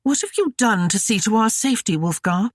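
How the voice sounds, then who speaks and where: A reader voicing a scornful noblewoman with a rasping temper, snarling and railing at the men around her in a historical romance audiobook. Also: mid-range voice, lively intonation, fairly quick, no echo, studio quality, pitched above the performer's own voice, natural voice. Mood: scornful complaint. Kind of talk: audiobook character voice.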